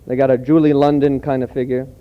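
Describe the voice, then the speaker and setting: On a dull old archive recording, a man emcees a college singing contest on stage, talking fast at a medium pitch with little pitch movement. As master of ceremonies, he cracks wisecracking, offhand jokes between announcements.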